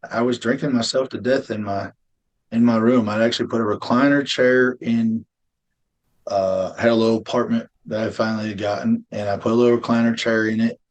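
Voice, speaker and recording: A middle-aged man recounts his past in a blunt, plain-spoken way. His voice sits a little low. He often sinks into a hushed, intense murmur. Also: muffled recording. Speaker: guest telling his testimony. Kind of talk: emotional personal storytelling.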